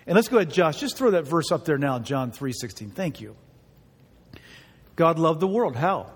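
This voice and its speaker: Pastor, male, high voice, emphatic sermon delivery in a reverberant church hall. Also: sing-song, normal speed, husky. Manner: earnest, emphatic, repeats key words. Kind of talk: sermon with prayer.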